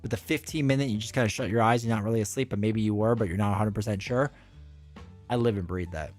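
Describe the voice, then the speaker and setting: A man's voice: fairly low pitch, fast talker, a little mellow, faint music behind. A middle-aged man chatting casually on a live stream, rambling and reading chat messages aloud.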